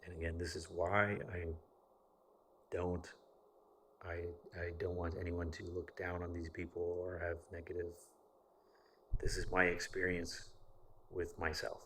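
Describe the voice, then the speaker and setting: A man's voice: low-pitched, little pitch movement, measured pace, long pauses, fairly bright tone, a little hiss or hum. A man from the United States telling a personal story in a casual, rambling monologue, swearing often. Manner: profane and rambling, with frequent fillers. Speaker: vlogger.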